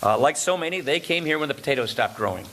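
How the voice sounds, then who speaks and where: A man's voice: a little high, animated, quick pace, vocal fry, a bit bright. A man from Wisconsin giving a formal lunch speech, cracking jokes and chuckling at his own punchlines. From Wisconsin, USA. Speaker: speaker at a political luncheon.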